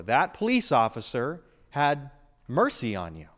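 A man's voice: fairly high pitch, lively intonation, normal speed. A middle-aged man preaching a sermon as a pastor in his church, earnest and building emphasis on key phrases.

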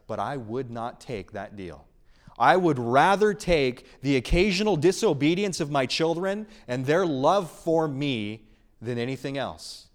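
A man preaching a sermon, earnest and emphatic, swinging between loud stresses and hushed lines. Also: mid-range voice. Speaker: pastor.

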